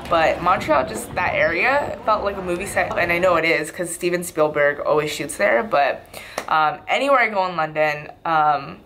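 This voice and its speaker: A woman's voice: on the low side, a bit bright, slight background noise. A young woman in her twenties chatting casually in a video diary, rambling a little with frequent "um"s. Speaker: vlogger.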